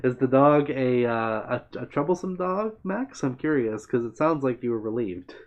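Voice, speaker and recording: Friendly male streamer reading chat aloud, mid-pitched, casual and rambling, dull lo-fi mic. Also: lively intonation, normal speed. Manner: friendly, meandering, answers chat by name. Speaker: livestream host.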